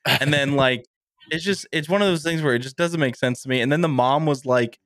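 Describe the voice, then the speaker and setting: A man's voice: mid-range voice, fairly quick, a bit bright, dry recording, studio quality. A man guesting on a podcast in casual chat, sounding incredulous as he picks apart a film's plot logic. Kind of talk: casual movie review chat.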